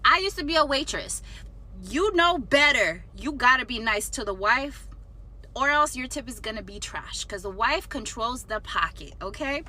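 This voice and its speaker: A young adult woman telling a storytime story in an animated, indignant way, swearing now and then. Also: a little high, normal speed. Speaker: storytime vlogger. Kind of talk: casual storytelling.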